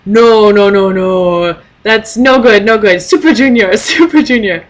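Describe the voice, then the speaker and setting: A woman imitating an excitable older man who repeats compliments in broken English. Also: mid-range voice, unhurried, natural voice. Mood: eager.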